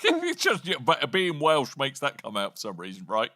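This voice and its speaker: Lively sarcastic man. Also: medium pitch, normal speed, no echo, clean studio sound. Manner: sarcastic, jokey banter. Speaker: podcast co-host. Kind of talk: casual chat.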